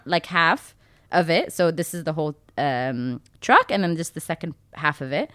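A young woman casually telling a long personal story, acting out her own remarks in a much higher voice. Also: moderate pace, dry recording, studio quality. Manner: animated, acts out her own lines in a high voice.

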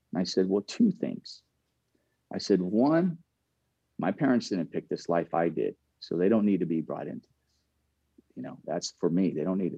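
A man's voice: sits low, vocal fry, mellow, slightly rough, dry recording, lo-fi sound. An earnest man in middle age, a former pro ball player telling a candid story, often repeating and restarting his phrases.

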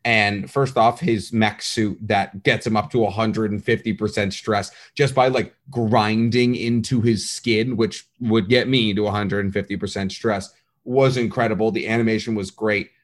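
A man co-hosting a casual podcast, talking in an animated, rambling way and acting out quotes. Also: on the low side, moderate pace. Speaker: podcast co-host. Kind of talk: casual chat.

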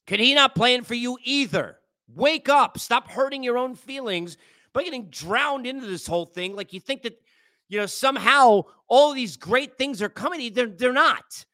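A man's voice: very high voice, normal speed, bright, forceful tone, dry recording. Fired-up man ranting about baseball. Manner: exasperated, lecturing, scolding listeners. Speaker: sports podcast host. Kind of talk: ranting sports commentary.

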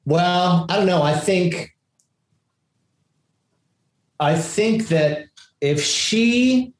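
A man's voice: sits high, animated, drawn-out words. Middle-aged man in a roomy space. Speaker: guest. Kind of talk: casual chat. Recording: roomy echo.

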